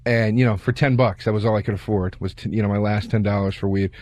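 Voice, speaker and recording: A man's voice: on the low side, steady tone, quick pace, a little mellow, dry recording. A man co-hosting a podcast, telling self-mocking stories in a laid-back way in casual chat at a studio mic. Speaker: podcast co-host.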